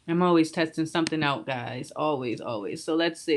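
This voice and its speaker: Woman host, 30s-40s, chatty and bubbly, slightly low voice, casual live stream from home on a computer mic. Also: sing-song, normal speed, background noise. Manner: bubbly, greets viewers by name.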